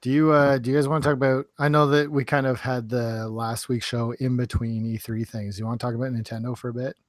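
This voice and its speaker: A man hosting a podcast, talking bluntly and swearing casually in a relaxed chat. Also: mid-range voice, fast, dry recording, studio quality.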